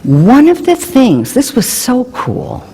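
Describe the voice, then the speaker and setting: A woman explaining relationship research in an animated way, mixing in playful personal anecdotes. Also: a little high, slow pace, slightly rough, in a large hall. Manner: animated, warm storytelling with playful emphasis.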